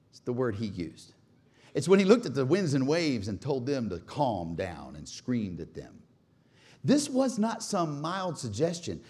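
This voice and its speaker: A man in his forties preaching a sermon with animated, humorous storytelling. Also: a little high. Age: 40s. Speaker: pastor.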